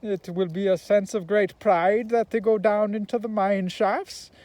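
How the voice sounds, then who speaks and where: A grandiose old male scientist, as a man puts him on, cold and eccentric. He drags each word out slowly and solemnly. The voice sits higher than the man's own and sounds a little off the mic. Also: steady tone, a little mellow, dry recording. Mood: grandly solemn. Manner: slow, drawn-out pompous delivery.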